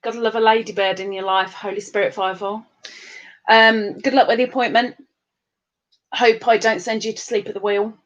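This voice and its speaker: A woman's voice: medium pitch, little pitch movement, moderate pace, lo-fi sound. A tired woman hosting a casual live stream, chatting bubbly and greeting viewers by name with big upward swoops.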